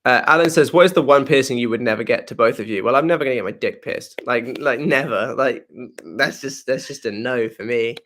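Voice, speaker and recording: A man's voice: medium pitch, a little fast, few pauses, a bit bright. Chatty man hosting a live Q&A. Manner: rambling, self-correcting, laughs often. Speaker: host answering live questions. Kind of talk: casual live-stream chat.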